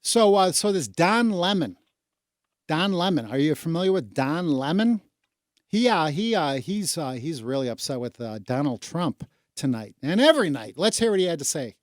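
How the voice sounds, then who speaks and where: A sarcastic, indignant Chicago woman hosts talk radio, delivering an opinionated rant in a sing-song voice at normal speed. She swings from low mutters to loud outbursts, and the sound is dry and close with no room sound.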